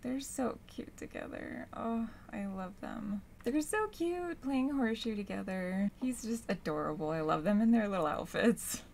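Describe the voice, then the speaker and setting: A young woman casually commenting on her own gameplay, gushing and squealing with excitement. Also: mid-range voice, moderate pace, hardly any pauses, slight background noise. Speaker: gaming channel host.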